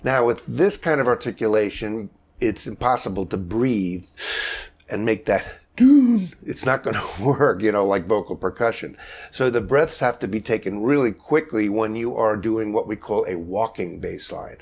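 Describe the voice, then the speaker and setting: An older man teaching a vocal jazz lesson, explaining bass articulation in a relaxed way with many fillers and singing short bass syllables to demonstrate. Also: moderate pace. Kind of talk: masterclass lesson with sung demonstrations.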